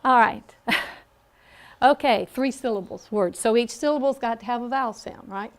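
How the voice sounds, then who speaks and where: A woman with a Southern American accent, teaching a phonics class in a classroom and checking in with a patient "okay?". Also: a little high. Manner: slow, patient, with frequent "okay?" check-ins. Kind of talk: classroom lesson.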